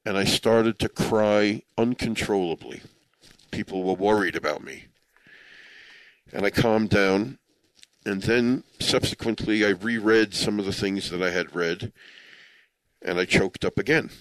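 A man with a low-pitched voice tells a heartfelt personal story at an unhurried pace. He sounds earnest and reflective, chokes up easily, and weaves in Hebrew and Yiddish religious words. The recording is dry and close. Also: no echo, poor audio. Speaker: speaker telling a story to listeners.

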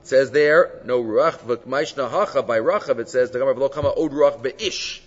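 A man's voice: mid-range voice, normal speed. Man teaching a Talmud class in a hall. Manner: explains texts, frequent rhetorical "right?"; mixes Hebrew and Aramaic terms into English. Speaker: Torah teacher. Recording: dull lo-fi sound with long hall reverb.

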